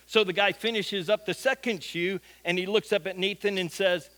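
A man's voice: sits high, fairly even intonation, normal speed, hardly any pauses, bright, forceful tone. A middle-aged man, a pastor, telling a folksy anecdote during a sermon. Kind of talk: sermon storytelling.

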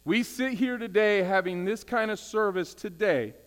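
A man, the senior pastor, preaching a casual, energetic sermon and trading call-and-response with his congregation. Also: sits high, normal speed. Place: church sanctuary. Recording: long hall reverb with mains hum.

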